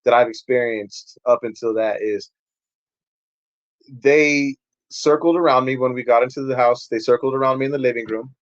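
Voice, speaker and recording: A man's voice: mid-range voice, fairly even intonation, normal speed, dry recording, highs cut off. Streetwise man telling his story. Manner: candid, streetwise, acts out quotes. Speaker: pastor, podcast guest. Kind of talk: casual storytelling.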